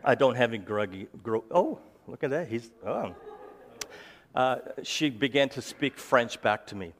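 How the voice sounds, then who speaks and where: Speaking with lively intonation at a medium pitch, a man who founded a ministry shares jokes and stories with a live crowd. His delivery is hesitant and slightly slurred, full of fillers and false starts.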